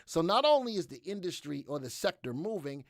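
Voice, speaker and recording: A fairly high-pitched man hosts a live stock analysis webcast, bursting into folksy exclamations as he reads charts. He talks straight to his viewers and asks them to answer in the chat. His voice sounds close and dry, with no room echo. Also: big pitch swings, fairly quick. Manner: exuberant, folksy exclamations while reading charts. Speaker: stock market webcast host.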